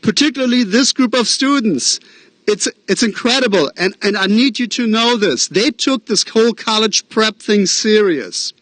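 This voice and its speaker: A man with a Midwestern American accent delivers a principal's welcoming address at a graduation ceremony. His voice sits notably high, and the recording is dry and close. He talks in an earnest, encouraging way, with fillers and self-deprecating asides. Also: expressive, normal speed, a bit bright, no echo. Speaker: school principal. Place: outdoor drive-in graduation ceremony.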